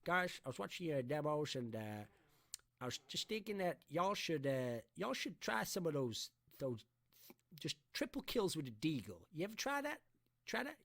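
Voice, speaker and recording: A man's voice: on the high side, very animated, gravelly, fairly bright tone, heavily acted. A man voicing a bumbling male game analyst with a mock Southern American drawl and folksy, boastful talk. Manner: slow drawl, over-the-top folksy boasting.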